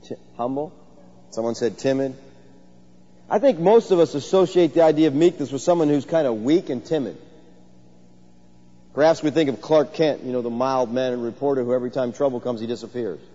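A pastor delivers a conversational sermon, telling stories and putting questions to his congregation. His medium-pitched voice is brisk and warm. The sound is dull and lo-fi, with a long hall reverb.

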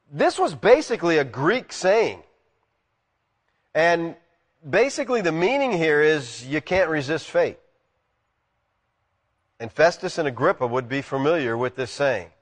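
A man preaching a sermon, emphatic and asking loud rhetorical questions. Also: fairly high pitch, long reverb tail.

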